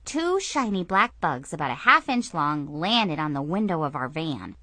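A woman narrating a children's story aloud with expressive storytelling. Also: low-pitched, normal speed, dry recording. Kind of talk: audiobook narration.

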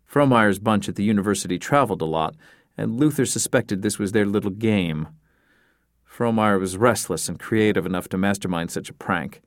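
A man narrates from an audiobook script, his voice on the low side and his delivery even and measured like a storyteller. The studio recording has no echo at all.

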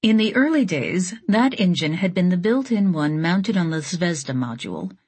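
A woman narrating an audiobook in a steady, measured reading. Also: lowish voice, breathy edge. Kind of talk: scripted narration.

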